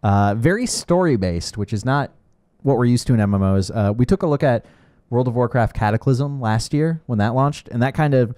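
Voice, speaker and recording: At a moderate pace, a man with a medium-pitched, slightly mellow voice talks animatedly in a space without echo. He co-hosts a casual gameplay session, loose and cheerful, often backing up to rephrase mid-sentence.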